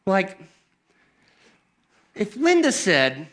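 A pastor preaching a sermon in a conversational, emphatic way. He often restarts his phrases and builds into excited bursts. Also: high-pitched, extremely slow. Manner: conversational and emphatic, with many repeated starts and a rising, excited delivery.

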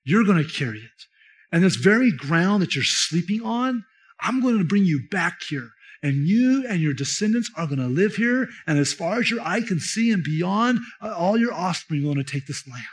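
A man preaching a sermon who drops into a lower, slower voice to speak as God, calm and assuring. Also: slightly rough, exaggerated voice. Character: God, calm almighty male voice, reassuring.

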